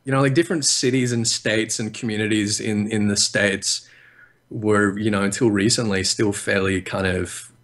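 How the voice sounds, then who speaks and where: An Australian man chatting as a podcast guest, articulating deliberately like a trained voice, with frequent restarts and fillers. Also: fairly low pitch, fairly even intonation, fairly bright tone. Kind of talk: casual podcast chat.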